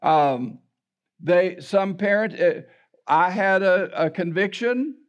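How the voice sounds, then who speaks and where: A man's voice: high-pitched, slow pace, clean tone, lo-fi sound. An older man preaching a sermon as pastor, telling a personal story, acting out the voices of people he quotes and often repeating his words.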